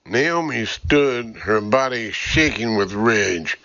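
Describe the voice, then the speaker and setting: A man reading scripted audiobook narration in a measured, even storytelling manner, in a dull lo-fi recording. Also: mid-range voice, no echo.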